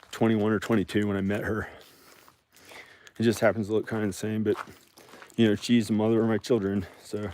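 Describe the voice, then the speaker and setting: A man's voice: on the low side, darkish tone, a little hiss or hum. A man in his forties from the South, talking in a meandering casual vlog and often repeating himself and restarting. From American South. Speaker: vlogger. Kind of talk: rambling casual vlog monologue.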